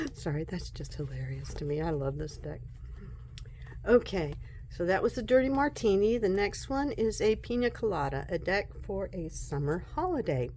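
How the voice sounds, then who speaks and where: A woman vlogging casually at home about her tarot decks, soft-spoken and unhurried, often breaking into giggles. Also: mid-range voice. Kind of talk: casual show-and-tell vlog.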